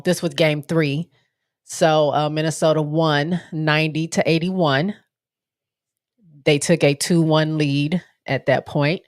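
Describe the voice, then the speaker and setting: A woman's voice: deep voice, dry recording, clean studio sound. A woman hosting a casual live-stream sports talk show, sounding stuffy and nasal from allergies, rambling with many fillers and restarts. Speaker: show host.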